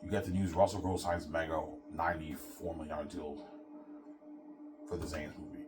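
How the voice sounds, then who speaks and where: A man's voice: very deep voice, fairly even intonation, a little fast, music in the background. A man talking casually in a rambling solo vlog monologue, swearing and repeating himself. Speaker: vlogger.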